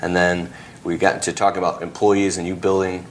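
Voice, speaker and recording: Deep-voiced man hosting an interview. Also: little pitch movement, a little hiss or hum. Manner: measured, summarizing. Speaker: podcast host. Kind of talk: interview recap.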